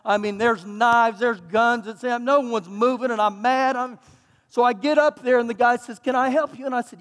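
A man with a Texan accent, a pastor preaching a sermon in an animated, folksy, self-mocking storytelling way, recorded in a church sanctuary. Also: extremely high pitch, brisk. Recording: long hall reverb.

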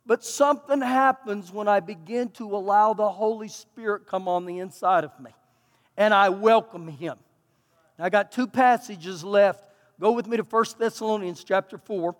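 A man with a Texan accent, a pastor preaching a sermon in an animated, folksy, self-mocking storytelling way, recorded in a church sanctuary. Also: sits high, normal speed. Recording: long hall reverb.

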